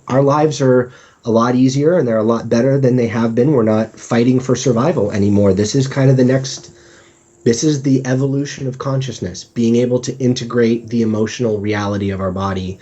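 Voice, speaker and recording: A man's voice: medium pitch, warm tone, breathy edge. A man guesting on a podcast, talking candidly and with self-deprecating humor, sometimes acting out his own inner voice. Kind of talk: casual conversational interview. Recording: dull lo-fi sound.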